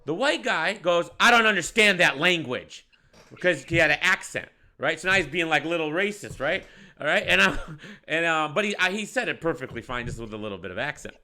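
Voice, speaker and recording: Bright animated man telling a story. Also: on the high side, fairly quick. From Michigan, United States. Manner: animated storyteller, acts out voices, laughs often. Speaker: podcast host. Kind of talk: casual storytelling chat.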